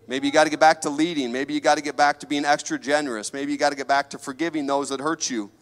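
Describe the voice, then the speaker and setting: A man delivers a sermon from the pulpit, his fairly high voice rising into fervent appeals and dropping to quiet, confiding passages. He doubles back on his phrases as he presses each point. Long reverb trails behind his words in a large church hall. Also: steady tone, fast talker. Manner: fervent, repeats phrases, swings from loud preaching to quiet confiding. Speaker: pastor.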